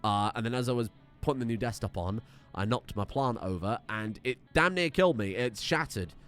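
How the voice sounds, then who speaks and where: A man's voice: medium pitch, lively intonation, a little fast, a bit bright, faint music behind. British guy streaming a game at home, jokey and sweary, voice bounces all over. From United Kingdom. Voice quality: joking, sweary banter. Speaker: gaming streamer. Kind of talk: let's play commentary. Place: room at home at a desk.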